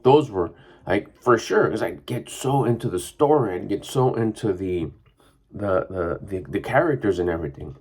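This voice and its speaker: A man's voice: on the low side, lively intonation, normal speed, a little mellow, a little hiss or hum. A middle-aged man, a mindset coach, talking in a rambling, casual monologue full of fillers. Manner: rambling and conversational, with frequent fillers.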